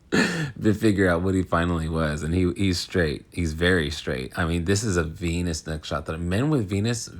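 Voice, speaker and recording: Low-voiced man rambling about astrology. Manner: rambling, filler-heavy, frank. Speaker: astrologer, channel host. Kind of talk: casual monologue on astrology.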